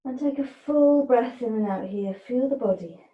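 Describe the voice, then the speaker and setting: A woman yoga teacher calmly guiding a class through breathing and movement, cueing each breath. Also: a little high, roomy sound, narrow, tinny audio. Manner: slow, soft-spoken cueing of breath and movement. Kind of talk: guided yoga class instruction.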